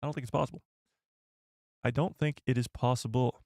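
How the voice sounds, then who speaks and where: A man hosting a live stream, chatting with viewers in an excitable, joking way. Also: medium pitch, a little fast, no room sound, studio quality. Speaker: livestream host.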